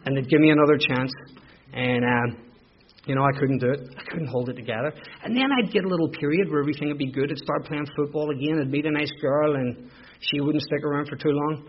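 A man's voice: fairly high pitch, steady tone, fast talker, a little hiss or hum. Belfast man, candid testimony. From Northern Ireland. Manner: candid, emotional storytelling with repetitions. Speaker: speaker sharing his recovery story. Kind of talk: personal testimony. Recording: dull lo-fi recording.

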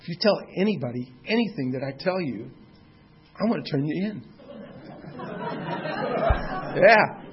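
A man in his sixties gives personal testimony at a recovery meeting, telling his story candidly and plainly with the occasional mild curse. His voice is on the high side and expressive, a little slow with long pauses. The lo-fi recording has heavy background noise from a noisy crowd.

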